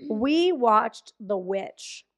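A woman in her thirties co-hosts a podcast in a high, bright-sounding voice. She tells stories with a giggly, animated energy and swears casually as she chats. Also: extremely slow. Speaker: podcast co-host. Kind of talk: casual chat.

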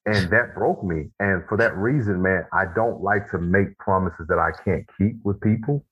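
Casting: deep-voiced man, husky, earnest storyteller, heard through a tinny phone-like line. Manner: earnest storytelling, slows for emphasis. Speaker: podcast guest, author. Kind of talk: casual conversation. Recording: phone-like narrow band.

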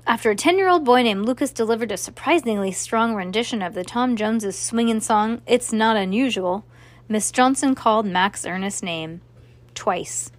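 A woman's voice: a little high, no room sound. A woman reading a children's novel aloud, stopping now and then to chat and react to the story. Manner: chatty, breaks off to react to the story. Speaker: reader.

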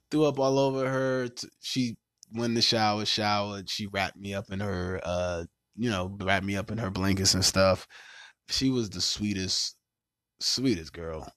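A man's voice: on the low side, fairly bright tone, no echo, studio quality. A man hosting a podcast, telling a crude dating story in casual, profane chat, laughing and mimicking other people. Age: adult with a child. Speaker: podcast host.

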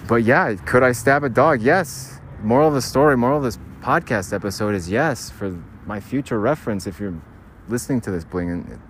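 Out on a walk, this podcast host rambles on his own show in a lowish, expressive voice at a moderate pace. He rants bluntly and swears casually, with slight background noise.

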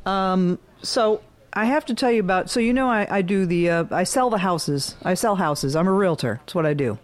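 A woman who works as a realtor and bartender, chatting casually and telling a story in a blunt, animated way, clearing her throat now and then. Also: fairly low pitch, normal speed.

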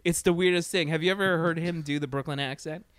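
A man's voice: a little high, fairly even intonation, fast talker, a bit bright, smooth, no echo. A man hosting a radio show in a casual, rambling way, with jokes and lots of fillers. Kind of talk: casual chat.

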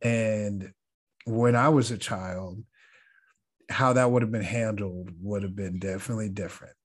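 Low husky guy, earnest and reflective, casual podcast storytelling. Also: steady tone, measured pace. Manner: earnest, reflective, laughs often. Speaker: podcast co-host.

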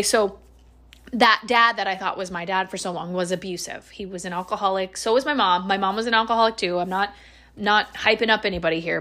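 A woman's voice: medium pitch, a bit bright. A woman telling a personal story in a casual, rambling podcast monologue, swearing freely and laughing between lines.

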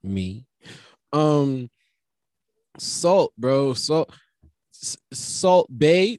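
A man with a somewhat high voice rambles through a profane comic monologue, drawling slowly from one tangent to the next. He restarts his sentences often and sometimes bursts into excited, high-pitched riffs. The recording is dry and close, with no room sound. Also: no room sound.

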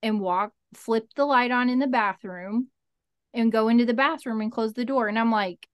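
A woman's voice: fairly high pitch, moderate pace, clean tone, no echo, studio quality. Frank, profane woman telling a story. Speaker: interview guest. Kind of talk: casual storytelling.

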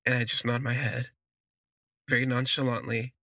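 A man telling a personal story for his podcast, in an unhurried, conversational way that lingers on words, with fillers. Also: mid-range voice, flat delivery, pushed and bright, dry recording.

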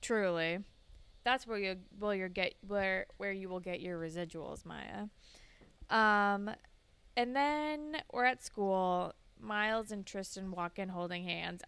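A young woman talking casually as she recaps a show, slipping in quick quoted voices along the way. Her voice is very clear and smooth. The sound is close and dry, with no room echo. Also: mid-range voice, a bit bright. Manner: retells scenes with quick quoted voices and laughs. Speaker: podcast co-host recapping a TV episode. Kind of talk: casual chat.

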